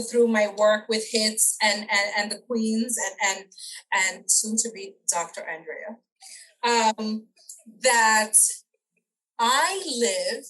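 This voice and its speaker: A middle-aged woman, a podcast guest, telling a personal story in casual interview chat. She is animated, acts out the voices of people she quotes and laughs often. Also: fairly high pitch, low-quality recording.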